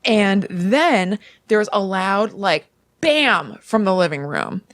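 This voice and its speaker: A young woman co-hosting a casual podcast, retelling a story with constant "like" fillers. Her voice sits at an ordinary middle pitch, and the recording is dry and close with no room sound. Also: animated, slow pace, a bit bright, no room sound. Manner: chatty, filler-heavy retelling with frequent "like". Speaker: podcast co-host.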